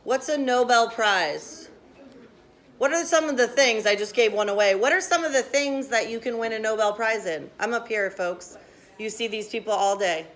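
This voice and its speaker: Female teacher, slightly high voice, brisk and directive, classroom lesson. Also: a bit bright.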